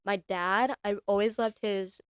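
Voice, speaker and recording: A woman's voice: mid-range voice, steady tone, measured pace, no room sound. A woman co-hosting a podcast, talking casually in a chatty, emphatic and frank way. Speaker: podcast co-host. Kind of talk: casual chat.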